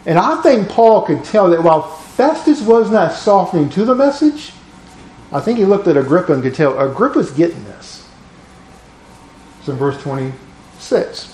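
Chatty, animated Bible study teacher, a man. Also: high voice, normal speed, echoey room. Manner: animated, conversational, jokey asides.

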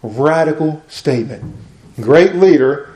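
Folksy preacher, roomy echo. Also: male voice, a little high, lively intonation, a little slow, warm tone. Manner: folksy, acts out Bible dialogue in voices. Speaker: pastor teaching a class. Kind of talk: informal sermon.

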